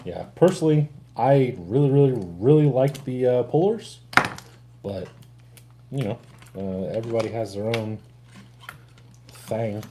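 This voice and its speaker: A man's voice: mid-range voice, lively intonation, measured pace, long pauses, noisy background. A man hosting a casual livestream chat, laid-back, laughing easily and swearing freely. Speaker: host.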